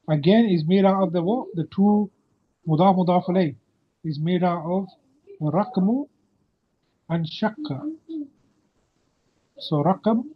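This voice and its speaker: Higher-voiced man teaching Arabic grammar online. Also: husky. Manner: patient, quizzing the student often. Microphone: video call. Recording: muffled video-call audio.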